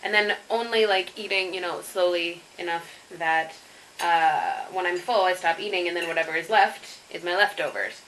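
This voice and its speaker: A woman's voice: on the low side, moderate pace, fairly bright tone, slight background noise, rough recording. A woman chatting casually in a diary vlog, rambling with filler words and poking fun at herself, first outdoors and then at home. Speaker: vlogger.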